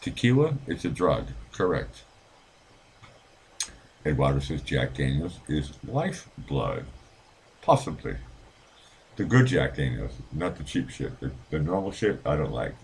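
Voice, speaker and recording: A middle-aged livestream host with an extremely low, sing-song voice speaks at a measured pace and pauses often, with a little hiss or hum audible. He reads out viewer comments, rambling casually, swearing freely, and laughing often.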